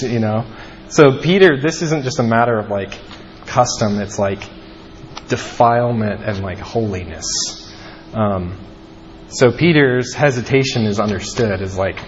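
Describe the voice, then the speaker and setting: A man's voice: mid-range voice, unhurried. Casual young man teaching the Bible. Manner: casual, peppered with "like" and "um". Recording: dull lo-fi audio with long reverb and faint ambient noise.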